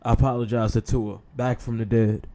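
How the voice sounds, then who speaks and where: A man's voice: medium pitch, level tone, a little fast, dark tone. A man hosting a sports talk show, speaking casually with sarcastic, mock-apologetic humor and frequent y'all.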